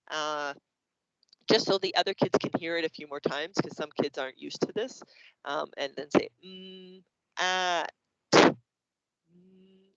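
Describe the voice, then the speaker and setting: A Canadian man, a teacher, presenting classroom activities to other educators in a lively way, acting out his examples. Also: a little high, vocal fry, no echo, dull audio. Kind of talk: explanatory workshop presentation.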